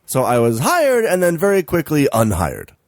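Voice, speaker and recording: Animated, swearing man telling a story. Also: fairly high pitch, normal speed, no echo, clean studio sound. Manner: profane, animated storytelling with quoted voices. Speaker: podcast co-host. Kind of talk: casual chat.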